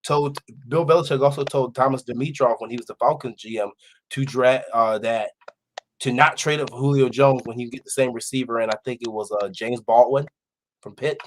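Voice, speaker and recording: A male podcast host in casual sports talk, animated and laughing often as he talks. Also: medium pitch, a little fast, slight background noise. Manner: animated, laughs a lot while talking.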